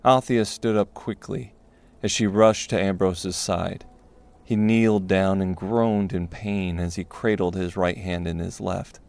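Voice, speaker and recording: A man narrating a dark fantasy audiobook in a steady, measured way. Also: deep voice, gravelly.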